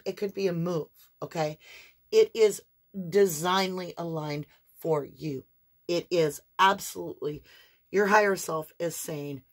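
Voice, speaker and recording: A woman doing an animated, affectionate tarot reading for her viewers, with sing-song emphasis and a chatty, conversational flow. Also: fairly low pitch, slightly rough. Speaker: tarot reader. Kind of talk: spiritual tarot reading to camera.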